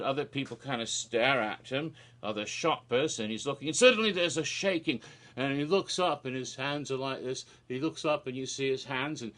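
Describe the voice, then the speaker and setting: A man casually retelling a spooky promo video for his vlog in an animated, rambling way, with fillers and restarts. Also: medium pitch. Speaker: theme park vlogger.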